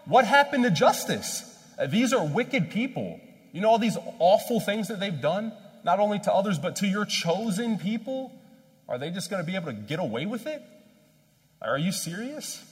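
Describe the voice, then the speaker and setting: A man's voice: lowish voice, expressive, normal speed, slightly rough. A man voicing an angry male prophet who argues with God in an indignant, exasperated rant, with a long hall reverb around him.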